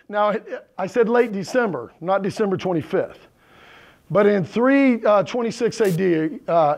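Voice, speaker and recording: Guy preaching in church, kinda high voice with a gravelly edge, keeps asking the crowd right? okay?. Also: a little mellow. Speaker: pastor. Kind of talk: conversational sermon. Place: church sanctuary with congregation.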